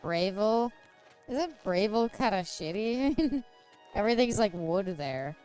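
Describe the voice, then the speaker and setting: A woman's voice: medium pitch, animated, slow pace, darkish tone, faint music behind. A woman streaming a game, chatting casually in a giggly, rambling way and making crude jokes. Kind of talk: casual gameplay chat.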